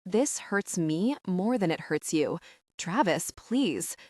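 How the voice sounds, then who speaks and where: A woman's voice: fairly low pitch, animated, darkish tone, no echo, studio quality. A woman voicing a flustered young clown. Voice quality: nervous, quick-witted.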